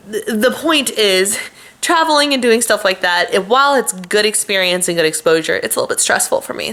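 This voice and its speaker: A woman's voice: medium pitch, a bit bright. A young woman vlogging in a casual, chatty way, upbeat and full of little fillers as she shows off items. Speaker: lifestyle vlogger. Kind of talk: casual chat to camera.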